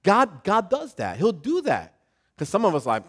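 An older man, a grandfather, preaching a sermon in a lively, conversational way that swings between soft, reflective moments and loud, emphatic stretches. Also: sits high, normal speed, slightly rough. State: emotional and choked up at times. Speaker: pastor.

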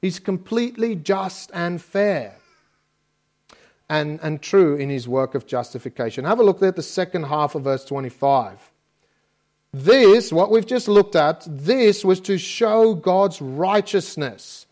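Man preaching in a slightly high voice. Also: expressive, a little slow, a little mellow. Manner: conversational preaching with personal anecdotes; frequent restarts, asks listeners "okay?". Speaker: pastor. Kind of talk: sermon.

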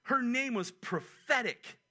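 Male pastor, lively chatty sermon delivery, bright and high-pitched. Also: slow pace. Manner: animated, conversational preaching with asides. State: a little out of breath.

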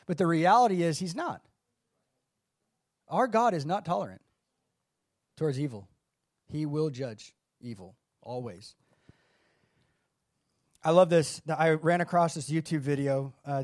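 Man, pastor, conversational sermon, somewhat high voice, dry close recording. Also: darkish tone, dry recording. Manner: conversational preaching with asides and restarts.

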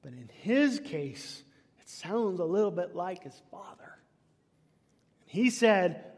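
A man preaching a sermon, emphatic, swinging between loud declaiming and hushed whispers. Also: sits high, lively intonation, takes it slowly. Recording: long reverb of a large hall.

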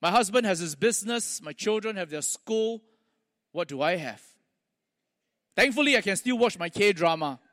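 A man's voice: high voice, expressive, normal speed, pauses often, fairly bright tone, no echo, studio quality, big-room sound. A man voicing a lonely housewife's inner thoughts in a plain, wry tone. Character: bored, lonely housewife drinking in the morning.

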